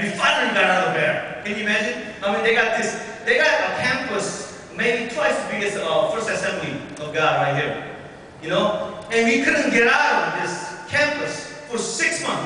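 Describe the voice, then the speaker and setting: A man telling his testimony as a guest speaker in a church, animated and acting out the voices of the people in his story. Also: sits high. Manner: animated, acts out quoted voices. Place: church sanctuary. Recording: echoey hall from far off, faint noise.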